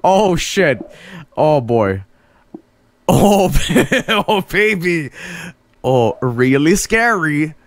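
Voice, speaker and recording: Lively, mocking man reacting to games. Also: on the high side, drawn-out words, pauses often, dry recording. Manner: profane, laughing, mocking reactions. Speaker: streamer. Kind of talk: let's play commentary.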